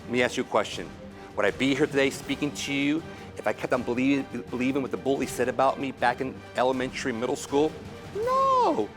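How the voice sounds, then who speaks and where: A man giving an energetic motivational speech at a school assembly, leading children in call-and-response chants. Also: mid-range voice, fast talker. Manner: animated and exclamatory, leading chants. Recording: background music under the voice. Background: music.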